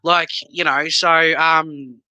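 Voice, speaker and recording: Bright, halting man. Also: a little high, little pitch movement, no room sound, lo-fi sound. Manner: halting, many restarts and fillers. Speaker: sauce maker guest. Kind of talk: casual interview.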